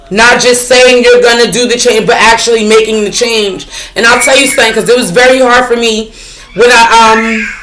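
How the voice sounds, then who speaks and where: A woman with a slightly high, somewhat bright voice gives a casual spiritual talk to her viewers as a tarot reader. She's frank and chatty, swears freely, and often asks, "you know what I'm saying?"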